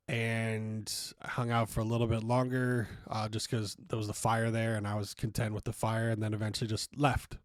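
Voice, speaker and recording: A man's voice: lowish voice, level tone, fairly quick, hardly any pauses, no echo, clean studio sound. Blunt, profane man telling a story. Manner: blunt and profane, acts out quoted dialogue. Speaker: podcast host. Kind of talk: casual storytelling monologue.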